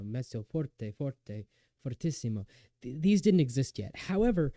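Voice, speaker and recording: Mellow-voiced young man giving a lecture. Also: medium pitch, no echo. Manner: earnest, measured, with occasional restarts. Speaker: student lecturer. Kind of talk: lecture recital narration.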